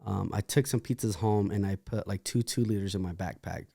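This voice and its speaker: Animated young man telling stories. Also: on the low side, brisk, gravelly, no echo, studio quality. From California. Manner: animated storyteller with laughing asides and restarts. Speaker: interview guest, dancer. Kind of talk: casual interview storytelling.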